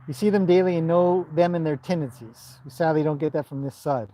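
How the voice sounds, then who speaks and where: Relaxed Canadian man chatting on a live stream. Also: fairly high pitch, brisk. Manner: relaxed, rambling, reads out viewer comments. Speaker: horse trainer hosting a live stream. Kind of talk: casual live-stream chat. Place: outdoors at a stable in the evening.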